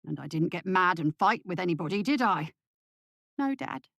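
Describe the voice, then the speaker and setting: A woman voicing a guilt-ridden working-class father and former drinker, gruff and defensive. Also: high voice, animated, moderate pace, bright, forceful tone, dry recording, studio quality, pitched below the performer's own voice, exaggerated voice. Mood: coaxing.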